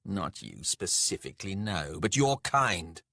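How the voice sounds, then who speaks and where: A man growling as loud, scornful dwarf lords. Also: low-pitched, very animated, measured pace, no echo, studio quality, heavily acted. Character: brutish gruff male dwarf lords, impatient and contemptuous. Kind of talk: audiobook character voice.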